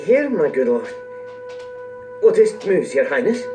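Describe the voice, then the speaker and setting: An actor playing a courteous Scottish lord at a banquet, speaking formal, deferential verse in an audio drama. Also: male voice, a little high, big pitch swings, measured pace. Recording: distant from the mic, with music.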